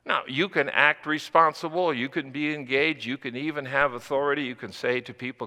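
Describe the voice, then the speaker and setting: Older male preacher, gravelly and bright, deliberate repetition, long hall reverb. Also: fairly high pitch. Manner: slow, deliberate, repeating phrases for emphasis. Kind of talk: sermon.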